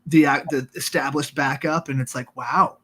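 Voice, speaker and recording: A man's voice: mid-range voice, steady tone, normal speed, a bit bright, slight background noise. A man co-hosting a sports podcast, joking and rambling in casual chat with lots of fillers. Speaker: podcast co-host.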